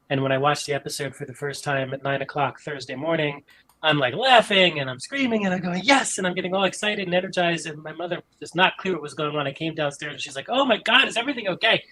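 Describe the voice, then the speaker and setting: A man's voice: medium pitch, sharp tone, poor audio. A man in casual podcast chat, talking enthusiastically and rambling with many ums, from an upstairs room in his mother's house. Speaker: podcast guest.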